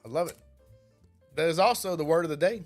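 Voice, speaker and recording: A man's voice: on the high side, quick pace, soft background music. A man co-hosting a live stream in easy casual chat, dropping dry quips. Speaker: podcast co-host.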